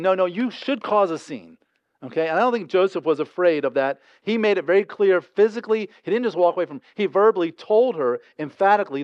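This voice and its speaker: A man delivers a sermon, talking to the congregation directly and with emphasis. His voice sits a little high for a man. The sound is dry and slightly dull. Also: lively intonation, a little fast, a little mellow, dry recording. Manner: conversational and emphatic, acts out quotes. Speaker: pastor.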